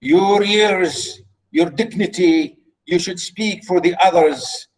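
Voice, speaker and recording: Man reading as a proud ancient Greek king, slow declaiming, raised high voice. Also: low-quality recording. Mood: solemn. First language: Arabic. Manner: declaiming slowly.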